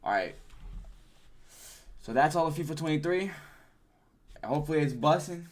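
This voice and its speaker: A man's voice: fairly high pitch, animated, moderate pace. A man reacting casually to a game trailer, blunt and sarcastic, with slang and swearing.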